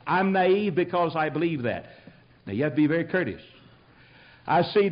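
Folksy older Southern preacher, high voice. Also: male voice, sing-song, moderate pace, dull audio. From Tennessee. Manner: folksy storytelling, rising to emphatic exhortation. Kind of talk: sermon.

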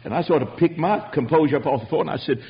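A man preaching a sermon, telling stories with lively rhetorical asides. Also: on the high side, fast talker, slightly rough. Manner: animated storytelling with rhetorical asides. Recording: dull lo-fi recording.

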